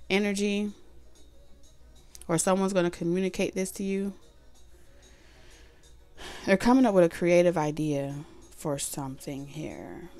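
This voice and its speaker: A woman doing a casual tarot reading, chatty and full of fillers, who says she is losing her voice. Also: lowish voice. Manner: chatty, loose and repetitive with many fillers. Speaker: tarot reader.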